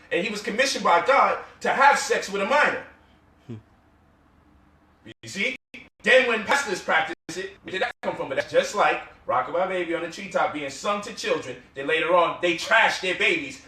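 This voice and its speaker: A man's voice: sits high, bright, forceful tone. A man giving an impassioned lecture-style talk, firing off rhetorical questions and mocking quotes. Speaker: guest speaker. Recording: echoey room, mic at distance.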